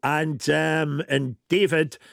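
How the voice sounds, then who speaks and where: A man's voice: a little high, flat delivery, slow pace, vocal fry, a bit bright, dry recording, clean studio sound. A Scottish man hosting a casual chat and putting questions to his guests. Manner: chatty questioning interviewer. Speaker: host.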